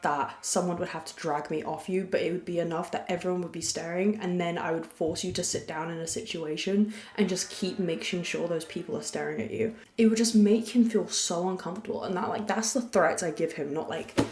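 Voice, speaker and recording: A young woman hosting her podcast, chatting candidly and rambling with crude jokes, talking softly. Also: on the low side, fairly even intonation, fairly quick, hardly any pauses. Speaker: podcast host. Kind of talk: casual confessional chat. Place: room at a farm. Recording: echoey room.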